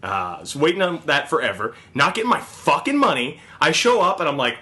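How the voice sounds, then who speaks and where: A man with a bright, lively voice tells a story on a casual podcast as a rant. He swears often and laughs through it, and his pitch sits a little above average. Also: a little fast. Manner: profane, laughing rants. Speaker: podcast co-host. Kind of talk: casual chat.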